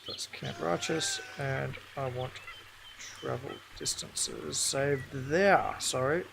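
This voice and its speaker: Relaxed man running a tabletop game. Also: mid-range voice, slow pace, gravelly, background noise. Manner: relaxed, reads lore aloud, answers players' questions. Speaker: game master.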